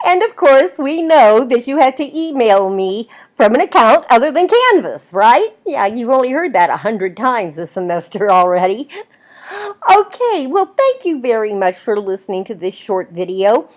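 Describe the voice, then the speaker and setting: A woman's voice: on the high side, moderate pace. A woman teaching a writing class in a recorded video lecture, explaining at length and checking in with "right?" as she goes. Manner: lively, explanatory, asks "right?" often. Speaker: writing instructor.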